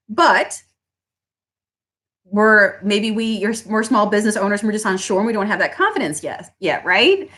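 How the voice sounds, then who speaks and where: A woman who owns a small business, giving a motivational talk on pricing, often asking "right?" and acting out customers. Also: moderate pace. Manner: animated, acts out customers in high voices, asks "right?" often.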